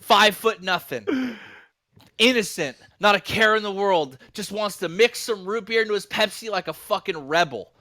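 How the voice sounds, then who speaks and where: High, bright-voiced man telling a wild story. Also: normal speed, no echo. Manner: profane, animated, acts out both sides of a dialogue. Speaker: podcast co-host telling a story. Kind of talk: casual comic storytelling.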